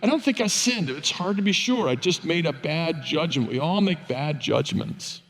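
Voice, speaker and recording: A man's voice: fairly high pitch, expressive, normal speed, fairly bright tone. An older man preaching a sermon, telling stories in a conversational, wry, self-deprecating way. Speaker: pastor. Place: church sanctuary. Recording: long church reverb.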